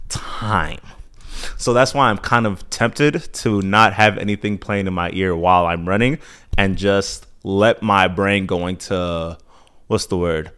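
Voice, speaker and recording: An American guy in his twenties with a fairly low voice talks loosely through a laid-back podcast monologue. As the host, he wanders off on tangents, catches and corrects himself, and lets out the occasional sigh.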